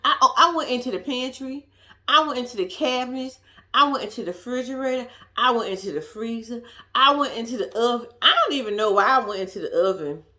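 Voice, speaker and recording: A woman's voice: fairly high pitch, brisk, sharp tone. A woman vlogger telling a story to her viewers in casual chat, swearing freely and laughing at herself.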